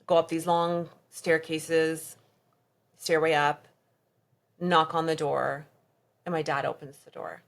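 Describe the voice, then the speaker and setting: A woman guest on a podcast interview, telling her own story of trauma with emotion, her voice dropping soft and quiet at the hardest moments. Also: level tone, takes it slowly, vocal fry, long pauses. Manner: quotes others in her story, voice drops low and soft at hard moments.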